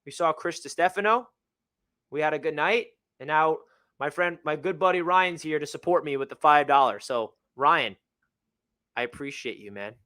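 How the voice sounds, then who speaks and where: Bright-voiced young man ranting on a fan stream. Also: fairly high pitch, moderate pace. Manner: emotional, reads out donor messages, swings between gloomy and fired-up. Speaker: livestream host. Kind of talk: live fan reaction stream.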